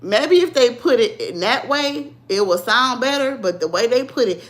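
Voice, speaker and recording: A woman's voice: a little high, sing-song, moderate pace, a bit bright. A young woman, talking bluntly and sassily to her livestream viewers in a casual chat. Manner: blunt, sassy, talks straight to viewers. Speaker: livestream vlogger.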